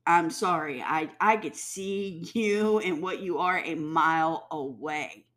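A woman's voice: deep voice, slow pace, a bit bright. Profane, heated woman ranting. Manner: blunt, profane, heated, with mocking mimicry. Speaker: commentator. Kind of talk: ranting commentary.

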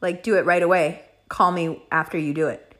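A woman quoting an earnest, protective young man in a soft, lowered voice. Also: fairly even intonation, moderate pace, natural voice.

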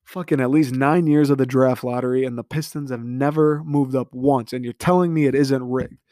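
Young male sports host, solo rant, fed-up and cursing, mid-pitched voice, dry close mic. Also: steady tone, normal speed, warm tone, dry recording. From Detroit area, Michigan. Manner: frustrated, profane, rambling.

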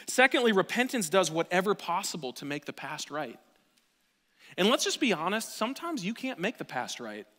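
A fairly high-pitched man in his thirties preaching a sermon with a bright, forceful tone. He swings from quiet asides to near-shouts. His voice rings through the long reverb of a church hall. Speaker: pastor. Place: church sanctuary.

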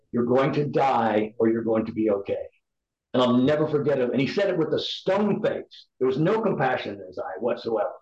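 A middle-aged man with a mid-range, slightly mellow voice appears as a podcast guest, recorded in a roomy, dull lo-fi space. He offers candid personal testimony, earnest and emphatic, almost like a preacher.

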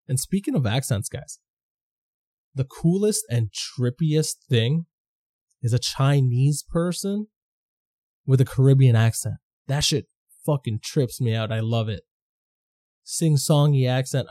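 A man with a mellow, warm voice holds forth as a podcast host, thinking aloud in a loose, rambling monologue. His talk is casual and profane, and he swears freely as he goes. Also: medium pitch.

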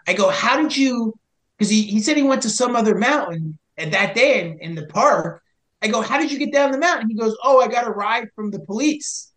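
Young male podcast guest, animated storyteller, roomy echo. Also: very high-pitched, brisk. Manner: animated, acts out both sides of dialogue. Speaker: podcast guest, search and rescue hiker. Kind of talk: casual storytelling.

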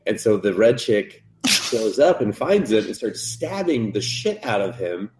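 A man with a fairly low voice tells a friend about an anime episode in a loose, profane podcast chat. He keeps dropping into squeaky voices for the characters' lines, then falls back to his easy, plain tone. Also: measured pace. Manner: profane, animated retelling, jumps into high voices for characters. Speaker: podcast co-host. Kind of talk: casual chat, recapping an anime with acted quotes.

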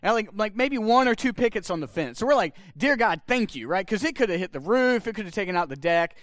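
A man's voice: high voice, lively intonation, fast talker, no echo. A man, preaching a sermon in a conversational storytelling way, acting out the dialogue he quotes. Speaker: pastor.

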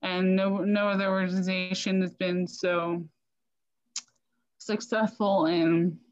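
A woman sommelier and wine shop owner, a guest talking in a slow, hesitant way with many fillers. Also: fairly low pitch, flat delivery, darkish tone, dull audio. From United States. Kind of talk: casual interview chat.

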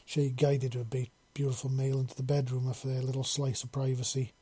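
A man narrating a storybook chapter in a calm, unhurried, even way. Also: mid-range voice, husky. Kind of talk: storybook reading.

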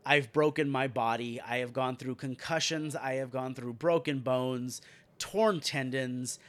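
A man's voice: mid-range voice, unhurried, fairly bright tone. A young man ranting and recapping wrestling matches in a casual, profane, sarcastic way. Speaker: wrestling show reviewer.

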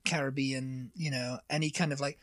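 A man co-hosting a casual chat, rambling in stop-start bits and slipping into quick impressions. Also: mid-range voice, steady tone, no echo, clean studio sound. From England. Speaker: podcast co-host.

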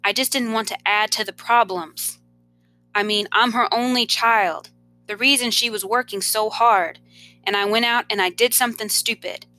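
A woman, a teacher, reading a novel aloud in an expressive first-person storytelling manner. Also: on the high side, moderate pace, soft background music.

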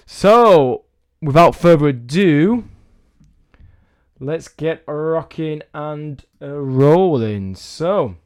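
A man's voice: fairly high pitch, animated, extremely slow, darkish tone, clear, resonant tone, no echo, clean studio sound. Man with a cold rambling on his podcast. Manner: rambling, self-deprecating, playful. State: has a cold, under the weather. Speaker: podcast host, fitness coach. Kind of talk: casual solo podcast chat.

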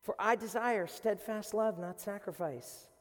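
An animated man with a Boston accent preaching to a congregation, his voice sitting a little high for a man. He acts out quoted voices along the way. The sound rings with the long reverb of a church sanctuary. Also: a little slow. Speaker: pastor. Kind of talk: sermon.

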